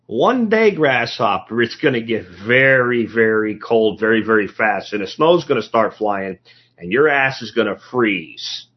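A sensible, hardworking ant giving a plain-spoken warning, as a man voices him in a fable. He speaks in an ordinary, low-key voice. The recording sounds dull and lo-fi. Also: lively intonation, unhurried. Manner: matter-of-fact, warning.

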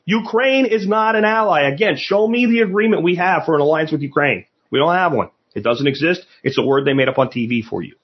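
A man hosting a podcast, delivering a blunt, profane and sarcastic political monologue full of rapid rhetorical questions. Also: fairly high pitch, lively intonation, highs cut off. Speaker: podcast host.

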